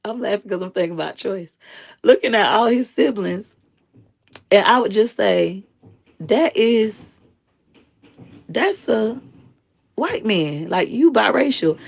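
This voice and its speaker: A woman hosting a live stream, giving blunt, slangy commentary and telling stories in an animated way. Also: mid-range voice, vocal fry, highs cut off. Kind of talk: casual commentary and storytelling.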